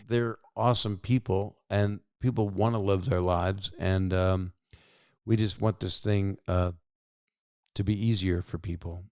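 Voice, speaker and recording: An older man hosts a podcast, rambling through jokes and stories and often breaking off mid-sentence. His voice sits low and is smooth and resonant. It is recorded close and dry. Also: steady tone, a little slow, darkish tone, no room sound. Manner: rambling, self-interrupting, jokey. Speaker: podcast host calling listeners. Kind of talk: casual phone chat and rambling monologue.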